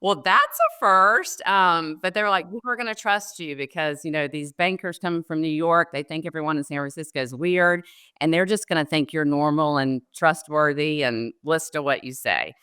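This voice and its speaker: Chatty Southern woman, bright and crisp. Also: deep voice, steady tone, fairly quick, no echo, studio quality. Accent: Southern American. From Southern United States. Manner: chatty storyteller, frequent ums, laughs easily. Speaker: guest, loan officer. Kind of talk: conversational interview.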